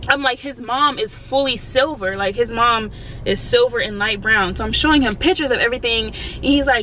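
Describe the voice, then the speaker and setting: Young woman vlogger, animated storyteller; bright, slightly high voice. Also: fairly quick, a little hiss or hum, poor audio. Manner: animated, slangy, acts out quotes. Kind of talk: storytime vlog.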